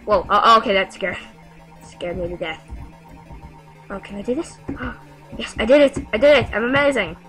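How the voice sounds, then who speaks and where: A woman giving casual gameplay commentary, excitable and talking back to the game with frequent yelps and exclamations. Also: mid-range voice, normal speed, pauses often, faint music behind, poor audio. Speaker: gamer.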